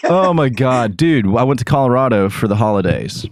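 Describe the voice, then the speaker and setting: A man hosting a podcast in casual chat, goofy and laughing as he tells loose stories while high. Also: lively intonation, normal speed, a little mellow, no room sound, clean studio sound. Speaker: podcast host.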